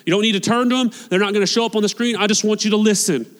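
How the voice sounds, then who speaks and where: A man preaching a sermon as a pastor, passionate and swinging between loud appeals and hushed, quiet lines. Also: high voice, fairly even intonation, racing. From United States. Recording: long hall reverb.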